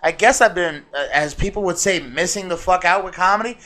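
A man's voice: high-pitched, fairly quick, pushed and bright. A man co-hosting a casual podcast, reacting briefly and laughing along with his partner. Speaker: podcast co-host. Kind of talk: casual chat.

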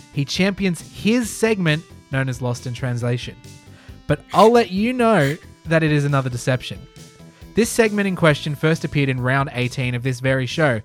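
Mock-solemn male podcast host, faint music. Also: on the high side. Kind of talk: mock-formal quiz hosting.

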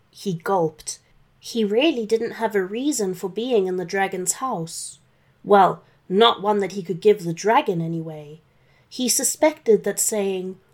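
A woman narrating a children's story in a gentle, expressive read-aloud manner. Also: mid-range voice.

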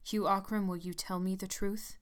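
A woman's voice: medium pitch, flat delivery, moderate pace, clear, resonant tone, close to an everyday voice. A woman voicing an ancient, stern old nurse in a storybook reading, grave and commanding. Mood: solemn. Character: ancient stern female nurse, sharp and solemn.

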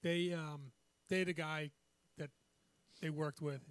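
A man's voice: a little high, fairly even intonation, unhurried, smooth, no room sound. Man telling a story with many ums. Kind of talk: casual chat.

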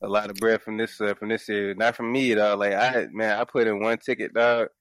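A man's voice: level tone, fairly quick, a bit bright. Laughing man in casual sports banter. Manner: laughs often, tells stories with high-pitched acted quotes. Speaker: podcast co-host.

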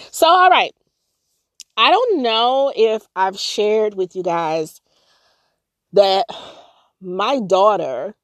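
A middle-aged woman from North Carolina hosting a podcast, telling her own story in a candid, conversational way with animated bursts. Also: on the low side, no room sound, studio quality. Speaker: podcast host.

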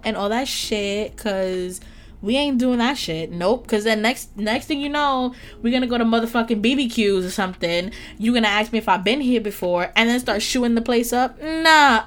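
Brief: twenties woman podcast host, loose profane storyteller, slightly high pitch. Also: moderate pace. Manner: animated, profane, laughing asides. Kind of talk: casual storytelling.

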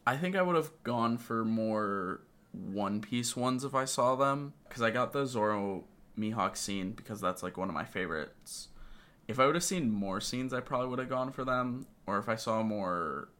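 Laid-back man with a lively voice. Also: fairly low pitch, moderate pace. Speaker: guest co-host. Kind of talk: casual podcast chat.

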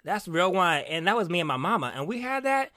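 Sassy man host, bright voice that swings all over, dry close sound. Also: sits high, very animated, no room sound. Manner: sassy, theatrical, calls listeners honey; drawn-out, emphatic repetition. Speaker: podcast host. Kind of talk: casual chat.

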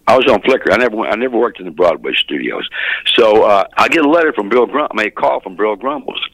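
An older man, a former radio DJ telling folksy stories in an interview, often clearing his throat. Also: fairly low pitch, lively intonation, fast talker, fairly bright tone, no echo, rough recording. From Memphis, USA. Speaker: guest, radio DJ. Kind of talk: casual storytelling interview.

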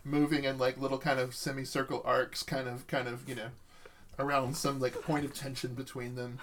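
A man runs a tabletop game as game master, describing characters and action. He talks haltingly with lots of fillers and restarts, at a middling pitch. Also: level tone, fairly bright tone, a little hiss or hum.

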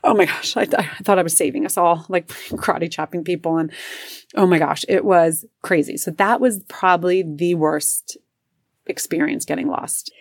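A woman hosting her own podcast, telling a story in a casual, animated way and acting out the people she quotes. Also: on the low side, normal speed, breathy edge, no echo. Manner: animated, acts out quoted voices, laughs often. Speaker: podcast host.

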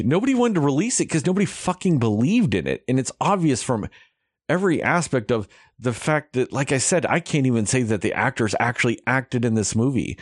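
A young podcast host rants about a movie he's reviewing, chatting casually and swearing heavily. His medium-pitched voice comes through clean and studio-dry, with no room sound.

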